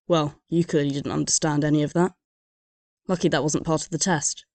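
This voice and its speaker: Woman narrator for comedy animation, sardonic and deadpan, lowish mellow voice, close dry mic. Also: slow pace, pauses often, no echo.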